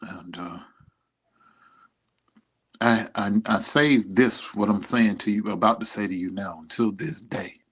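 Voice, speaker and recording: A man's voice: on the low side, unhurried, long pauses, a bit bright, husky. A middle-aged man giving an emotional, rambling message to his son, speaking tenderly and proudly. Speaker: vlogger. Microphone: streaming setup.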